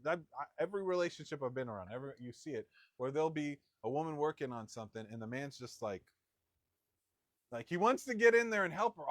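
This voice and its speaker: A middle-aged man preaching a sermon in a conversational storytelling manner, with quick asides. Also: on the high side, a bit bright, no echo, studio quality. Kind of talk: sermon with personal anecdote.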